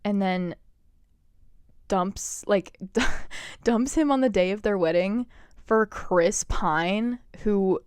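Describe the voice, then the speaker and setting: A woman's voice: medium pitch, takes it slowly, darkish tone, smooth, dry recording, clean studio sound. A young woman hosting a podcast, chatting casually and gushing with lots of "like" and "oh my God". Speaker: podcast host. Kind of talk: casual chat.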